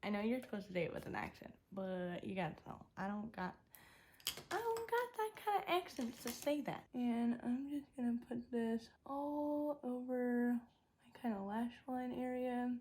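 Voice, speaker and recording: Young female beauty vlogger, slightly high voice, chatty step-by-step tutorial delivery. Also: unhurried, darkish tone, a little hiss or hum. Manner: chatty, talking through each step. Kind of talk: casual makeup tutorial talk.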